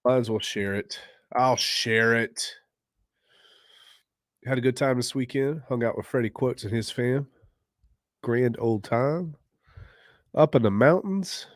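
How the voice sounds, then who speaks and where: A man hosting a casual crypto livestream, greeting viewers by name in loose slang and often clearing his throat. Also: mid-range voice, slow pace, pauses often, no echo, clean studio sound. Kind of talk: casual livestream chat, reading viewer comments.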